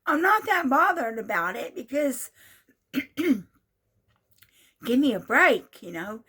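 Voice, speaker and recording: A woman in her sixties speaks with a high voice in a casual vlog monologue. She retells events in a repetitive, exasperated way, circling back to the same points. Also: very animated, slow pace, sharp tone, breathy edge. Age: 60s. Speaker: vlogger.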